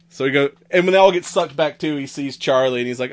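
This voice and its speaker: A man's voice: fairly high pitch, slow, pauses often, no echo. Profane rambling man recapping a movie. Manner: rambling, profane, acts out quoted characters with laughs. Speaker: podcast host. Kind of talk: casual movie recap chat.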